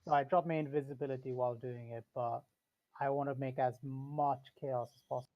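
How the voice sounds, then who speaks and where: A man's voice: medium pitch, fairly even intonation, fairly quick, dull audio. A man playing in a tabletop game, asking eager, playful questions. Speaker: player.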